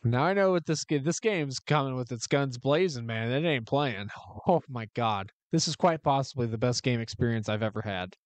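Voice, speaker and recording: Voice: mid-range voice, animated, normal speed, no echo. A gaming streamer giving let's-play commentary, swearing and reacting with disbelief. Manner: swearing, incredulous, laughing reactions. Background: game music.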